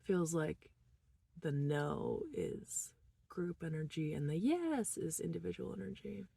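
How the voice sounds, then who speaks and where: A distressed woman vlogger talking through a personal monologue in a halting, emotional way, moving between quiet murmurs and shaky laughter. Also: sits low, big pitch swings, vocal fry, breathy edge, dry recording.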